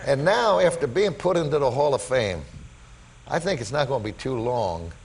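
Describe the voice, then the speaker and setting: An older man, a talk show guest, telling animated stories about his life to the host. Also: mid-range voice, moderate pace, a little hiss or hum, poor audio. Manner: animated storyteller, voice rising when excited. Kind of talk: storytelling in a talk show interview. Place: television studio with audience.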